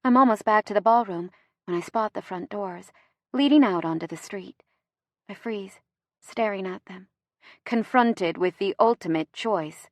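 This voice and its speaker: Woman narrator, audiobook, expressive, mid pitch, dry studio. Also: measured pace, no room sound. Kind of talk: scripted first-person narration.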